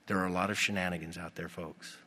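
A male pastor preaching a sermon, animated and putting rhetorical questions to his congregation. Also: low-pitched, fast, husky. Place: church. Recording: long reverb of a church hall.

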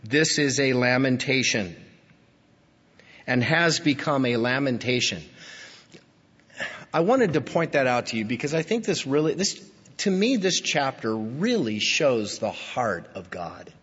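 Husky preacher in an echoing hall. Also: male voice, mid-range voice, sing-song, unhurried. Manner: emotional, swinging from hushed to emphatic. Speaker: pastor. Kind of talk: sermon. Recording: dull lo-fi sound with long hall reverb.

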